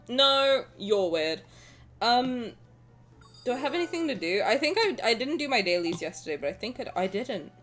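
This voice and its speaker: A young woman streamer chatting casually with her viewers, playful and rambling, with sudden loud bursts. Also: medium pitch. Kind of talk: casual chat with live chat.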